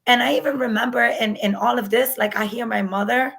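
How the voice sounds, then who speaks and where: Gravelly-voiced woman telling her own story. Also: fairly high pitch, brisk, fairly bright tone, rough recording. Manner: candid, acts out past dialogue. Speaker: guest sharing her story. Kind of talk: personal storytelling.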